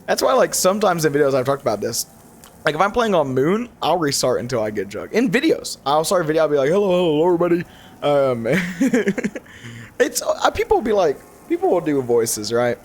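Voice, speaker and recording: At a moderate pace, a young man with a somewhat high, slightly rough voice narrates his video game play. This gaming YouTuber's commentary is casual, animated and meandering, marked by frequent self-corrections and restarts.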